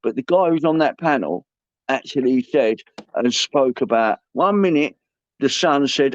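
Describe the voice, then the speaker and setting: A blunt, slangy man hosting a livestream panel chat. His voice sits at a middle pitch, close and dry with no room sound. The audio is dull and lo-fi. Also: lively intonation, unhurried, dry recording. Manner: blunt, slangy, laughs while ranting.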